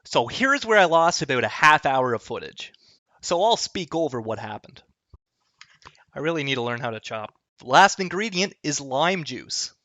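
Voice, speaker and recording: A man's voice: a little high, bright, forceful tone, dry recording, studio quality. A man, chatting casually through a home cooking vlog, rambling and poking fun at himself. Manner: self-deprecating, joking, rambling. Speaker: cooking vlogger. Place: home kitchen.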